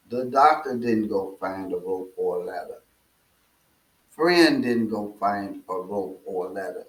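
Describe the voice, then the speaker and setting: Male preacher, slow and deliberate, low-pitched, telling a parable in an echoey room. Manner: slow and deliberate, with filler uhs and repeated phrases. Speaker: speaker.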